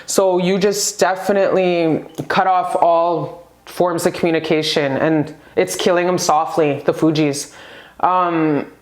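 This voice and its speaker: A woman doing a casual pick-a-card tarot reading, excitable and gushing, rambling into asides and swearing freely. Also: fairly low pitch, unhurried, echoey room.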